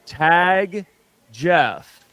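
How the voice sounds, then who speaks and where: A man's voice: high voice, expressive, very slow, fairly bright tone, no echo. A man chatting casually as a guest on a fan show, rambling and joking at his own expense, often restarting his sentences. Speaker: superfan guest. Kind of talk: casual chat.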